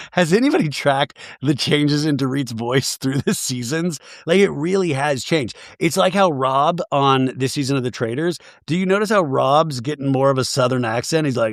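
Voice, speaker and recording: A man hosting a podcast, recapping reality TV in an animated, sarcastic way, swearing and acting out the cast's lines. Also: mid-range voice, normal speed, few pauses, no echo, studio quality. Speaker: podcast host.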